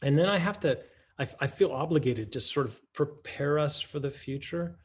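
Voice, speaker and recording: A man's voice: a little high, expressive, normal speed, husky. A man giving a conference talk that models a math lesson, in a teacherly way, thinking aloud with restarts and rhetorical questions. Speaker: math curriculum presenter.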